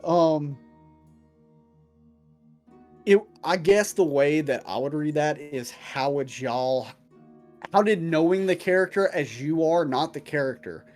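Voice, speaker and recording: A man's voice: on the high side, animated, takes it slowly, pauses often, a little mellow, soft background music. A man acting as dungeon master, casually answering viewer questions with jokes and swearing. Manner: casual and profane, joking. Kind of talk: casual chat.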